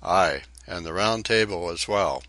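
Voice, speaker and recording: A man's voice: sits low, a little slow, sharp tone, no room sound, heavily acted. A man voicing a fearful, cunning island husband, talking in a raised, anxious way in a storybook reading. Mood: calm.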